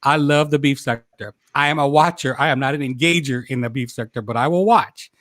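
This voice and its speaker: A man's voice: mid-range voice, brisk, fairly bright tone, no echo, clean studio sound. A man in his forties hosting a casual livestream, chatting with viewers, laughing often and stumbling over his words. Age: 40s. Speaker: host.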